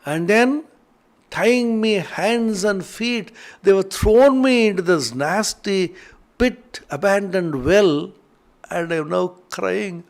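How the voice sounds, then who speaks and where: Slow, gravelly older monk lecturing. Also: male voice, sits high. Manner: slow, earnest, emotional storytelling. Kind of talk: spiritual lecture with chanted Sanskrit verses.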